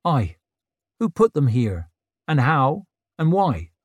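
A man's voice: fairly high pitch, big pitch swings, takes it slowly, dry recording, voice pushed up, exaggerated voice. A man voicing a brash young woman chieftain who needles and teases in a cheeky, mocking way.

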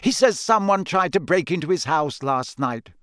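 A brisk, motherly witch from a storybook, put on by a male reader. She sounds firm and reassuring, raised in pitch, with a dry, close sound. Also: expressive, a bit bright, dry recording.

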